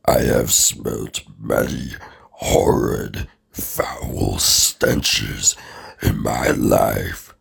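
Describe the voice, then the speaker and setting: A man voicing a menacing fart villain in a slow, ominous, theatrical way. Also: rumbling low, steady tone, exaggerated voice. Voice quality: gravelly. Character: menacing mighty fart, deep booming villain.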